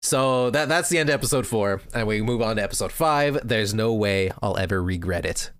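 A man's voice: on the low side, animated, a little fast, clean tone, no echo, clean studio sound. A man chatting casually and recapping an anime show as a podcast host, laughing often.

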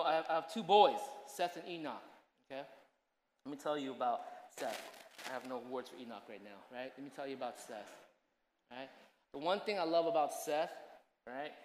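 A man in his thirties preaching a sermon, swinging between loud urgent pleading and soft, chatty asides. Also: medium pitch. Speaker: pastor. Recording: echoey hall.

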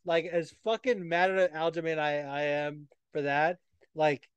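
A man's voice: a little high, a little slow, smooth, no echo. Young man hosting a profane podcast. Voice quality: profane, animated storytelling. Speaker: podcast host. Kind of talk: casual chat.

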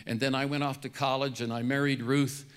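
Older male storyteller, mid-pitched, humorous, plays out the voices he quotes. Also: little pitch movement, fairly quick, clean tone. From California. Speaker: speaker. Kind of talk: storytelling talk.

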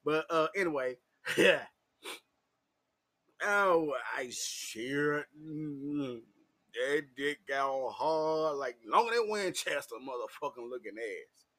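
A man talks straight to camera in a raw, profane confessional. His voice sits fairly high and leaps all over the place. He takes his time, breaks into laughter and acts out every moment. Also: animated, slow pace, sharp tone. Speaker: vlogger.

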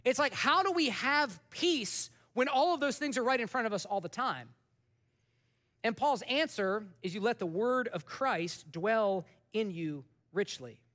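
A pastor with a high, light voice preaches a casual, animated sermon. He talks like he is chatting with friends, jumps up for punchlines and sinks to a hush for the serious parts. He sounds like a man in his thirties. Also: a little slow. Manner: conversational, animated storytelling with sudden soft drops.

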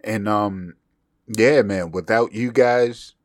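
A young man hosts his own podcast, speaking slowly in a lowish voice. His solo monologue is loose, profane, rambling, and self-mocking, with a slight speech impediment, recorded dry in a clean studio.

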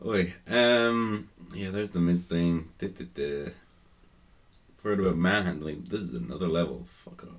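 A man co-hosting a casual wrestling podcast, swearing freely and swinging between loud excitement and mumbling. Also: low-pitched, moderate pace, muffled recording. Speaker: podcast co-host.

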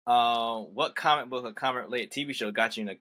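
A man's voice: mid-range voice, fast talker, sharp tone. A man hosting a casual interview podcast, laid-back and hesitant, with lots of fillers as he asks questions. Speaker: podcast host.

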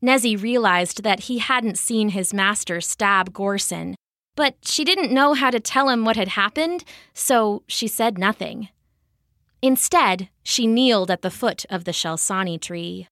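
A woman storyteller reading a fantasy tale for children, measured and expressive. Her voice is bright and a little high, unhurried, in a dry, close recording. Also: no echo.

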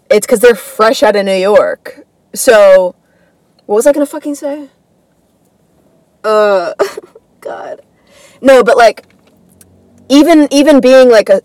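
A woman's voice: mid-range voice, a little mellow, no echo, rough recording. A woman hosting a comedy podcast, telling a casual story in a rambling way full of fillers and swearing. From United States.

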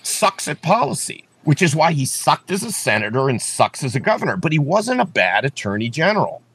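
A man's voice: fairly high pitch, sing-song, brisk, fairly bright tone, husky. A man running for office, talking emphatically in an interview and repeating his points with many restarts. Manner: emphatic, repetitive, restarts often. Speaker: political candidate. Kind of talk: campaign interview talk.

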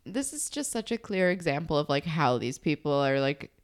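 A young woman co-hosting a casual recap chat, expressive and swearing casually. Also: moderate pace. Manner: expressive, swears casually, dips low for emphasis. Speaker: podcast co-host.

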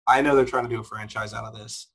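A man's voice: lowish voice, fairly even intonation, quick pace, a bit bright. A man co-hosting a podcast, talking casually and animatedly with lots of laughs and fillers. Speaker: podcast co-host. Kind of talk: casual chat reviewing a film.

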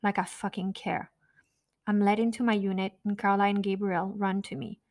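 A woman's voice: mid-range voice, level tone, normal speed, darkish tone. A woman narrating her own memoir in a blunt, raw, profane way.

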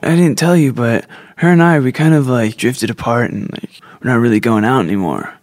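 A man's voice: mid-range voice, brisk, dry recording, studio quality, natural voice. A man voicing a brash, casual teenage boy who talks in an offhand, slangy way. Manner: slangy, offhand, says "dude" and "like".

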